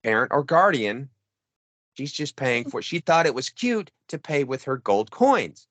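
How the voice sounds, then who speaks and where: A man's voice: mid-range voice, big pitch swings, moderate pace, a bit bright, no echo. A middle-aged man chatting casually as a show host, telling a story in loose rambling bursts with plenty of restarts. His voice sounds dry and close, with no room around it. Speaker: podcast co-host. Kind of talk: casual chat.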